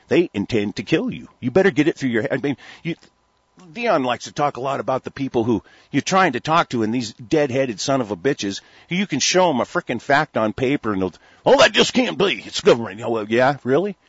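A husky-voiced man from the United States rants on talk radio, stammering through restarts and swearing as he goes. His voice sits at an ordinary pitch, dry and close. The recording is dull and lo-fi. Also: lively intonation, brisk, no room sound. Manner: rambling, stammering restarts, profane. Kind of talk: heated talk-radio rant.

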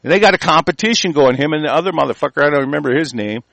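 A man's voice: on the high side, expressive, very fast, creaky, fairly bright tone, no echo. A man delivering a heated, rambling rant, swearing constantly and stumbling over restarts. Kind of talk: angry profane rant.

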